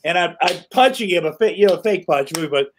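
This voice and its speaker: A man on a podcast as a guest, telling rambling, animated stories, swearing and laughing as he goes. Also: sits high, fairly quick, slight background noise, poor audio. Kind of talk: casual chat.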